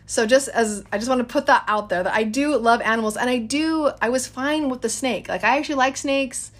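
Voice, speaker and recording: A woman's voice: fairly high pitch, brisk. A woman in her thirties telling a story in a casual, chatty way, addressing listeners as guys.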